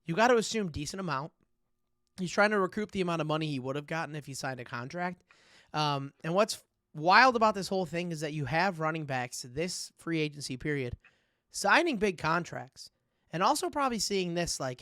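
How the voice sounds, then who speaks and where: Male podcast co-host, joking, laughs easily, animated pitch, dry close mic. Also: brisk, no room sound. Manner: laughs often, lively and joking. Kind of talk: casual sports podcast banter.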